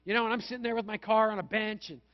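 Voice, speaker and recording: High-voiced man preaching a sermon. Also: steady tone, racing. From Manitoba, Canada. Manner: conversational, storytelling, self-mocking humor. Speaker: pastor. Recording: dull, lo-fi sound.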